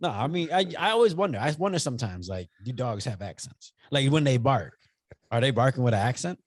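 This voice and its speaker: A man co-hosting a podcast, talking about a movie in a casual chat, playful and animated. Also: medium pitch, fairly quick, no room sound, clean studio sound. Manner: animated, playful, acts out silly voices. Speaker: podcast co-host.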